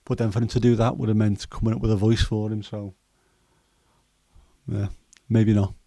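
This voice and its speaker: A man in his fifties with a Scouse accent and a hoarse throat, hosting a casual chat livestream in a rambling, jokey way with many fillers. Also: on the low side, little pitch movement, moderate pace, warm tone, dry recording. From Liverpool, England. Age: 50s. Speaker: livestream host.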